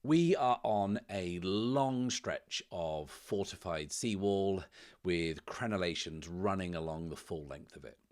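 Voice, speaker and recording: A man with a very low voice spins out a tabletop adventure on his own. He paints the scene in loose, unhurried narration and muses aloud over each roll. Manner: relaxed, descriptive storytelling that drifts into thinking aloud. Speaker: solo game master and host. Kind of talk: narrating a solo tabletop game.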